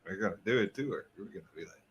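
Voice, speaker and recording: A man's voice: low voice, expressive, racing, fairly bright tone, breathy edge, highs cut off. An American man in casual chat, brash and argumentative, swearing freely. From United States.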